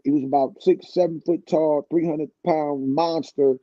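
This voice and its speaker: A man's voice: fairly high pitch, fairly even intonation, a little slow, dry recording, muffled recording. A man in his fifties, a guest singer on a radio show, telling a long, laid-back story with plenty of restarts. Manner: laid-back, rambling anecdotes with frequent restarts. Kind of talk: casual storytelling.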